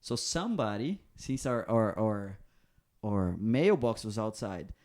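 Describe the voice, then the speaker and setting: Speaking unhurriedly in a lowish voice, this man has a Brazilian accent and co-hosts a podcast as a comedian. He's an animated storyteller, chatting casually and performing the quoted voices of people in his anecdotes.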